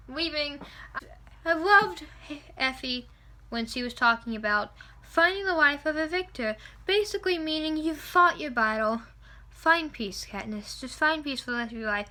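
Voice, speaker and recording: A young woman rambling excitedly and with strong opinions in a casual vlog, close to a camera mic indoors. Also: high-pitched. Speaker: vlogger reviewing a film. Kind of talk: casual chat. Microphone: camera mic at close range.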